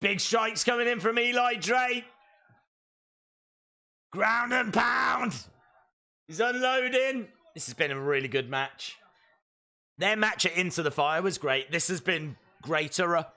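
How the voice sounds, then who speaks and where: A man hosting a live wrestling watch-along, calling the action and breaking into excited shouts. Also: high voice, slow pace, long pauses. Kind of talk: live wrestling reaction commentary.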